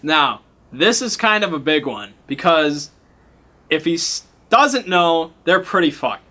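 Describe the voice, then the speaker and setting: A man acting as game master, casually recapping a tabletop horror session with a bright, forceful voice that sits a bit high. He laughs often and drops the odd swear word. His talk is slangy and loose, in the manner of a friend telling a story. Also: very animated, unhurried.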